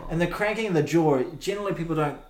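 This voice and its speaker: A man's voice: a little high, rapid-fire, noisy background. New man in a roomy echo. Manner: rambling, playful, crude storytelling. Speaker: podcast co-host. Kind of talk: casual chat.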